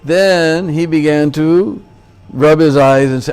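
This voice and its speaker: A man's voice: fairly high pitch, slow pace, a little mellow, clean tone. A man giving a temple sermon, telling a story and checking in with listeners by asking "Hmm?" and "Huh?". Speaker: religious lecturer.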